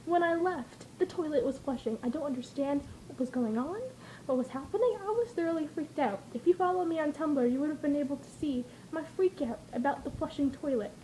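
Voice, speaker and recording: Woman, high voice, mellow tone, chatty vlog, giggly, rambling storyteller. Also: fairly quick, slight background noise, poor audio. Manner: rambling, giggly, acts out her own reactions. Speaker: vlogger.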